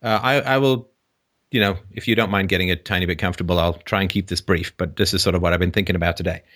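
A man hosting a call-in show, talking in an animated, joking way with frequent restarts. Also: deep voice, fast. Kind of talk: casual call-in conversation.

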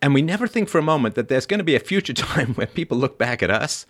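A man hosting a podcast, talking in a lively, wordy way with frequent laughs and asides. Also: medium pitch, quick pace. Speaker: podcast host. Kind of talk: conversational interview.

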